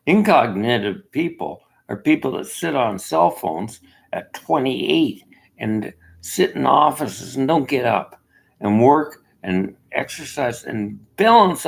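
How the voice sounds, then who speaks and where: Gravelly husky man, rambling opinion monologue, wild pitch swings, slow delivery. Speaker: self-made video commentator. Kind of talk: casual monologue.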